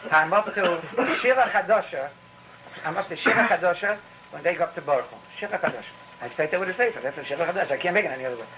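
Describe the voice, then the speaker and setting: Speaking in a high, lively voice at a racing pace, this man tells stories through a rambling Torah talk. He keeps restarting, repeats himself, and slips in Yiddish phrases, with background noise behind him.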